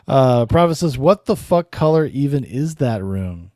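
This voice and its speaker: A man's voice: mid-range voice, dark tone, dry recording, clean studio sound. A man hosting a podcast, giving casual, sardonic reaction commentary with cursing and laughing asides. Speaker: podcast host.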